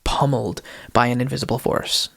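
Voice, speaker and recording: A man's voice: medium pitch, flat delivery, moderate pace, creaky, bright, forceful tone. A man co-hosting a casual podcast, retelling a ghost video in a rambling way, often stopping to correct himself and giggling. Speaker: podcast co-host.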